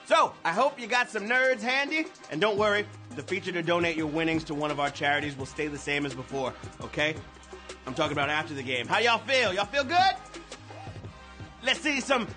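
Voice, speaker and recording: Hype trivia host guy, super animated, playful slang, music in the back. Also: high-pitched. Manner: energetic, playful, lots of slang. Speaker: trivia game show host. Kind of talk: hyped livestream hosting.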